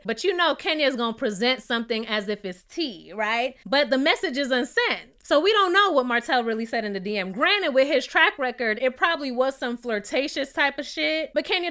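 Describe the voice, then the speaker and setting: A woman giving casual, gossipy commentary on a reality TV episode, sassy and quick to laugh. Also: fairly high pitch, pushed and bright. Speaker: reality TV reviewer.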